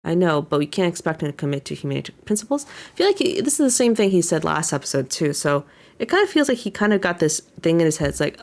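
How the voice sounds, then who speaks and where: A woman's voice: lowish voice, big pitch swings, quick pace, gravelly. A young woman VTuber casually recapping an anime episode, paraphrasing the characters' lines with frequent fillers. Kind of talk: casual commentary.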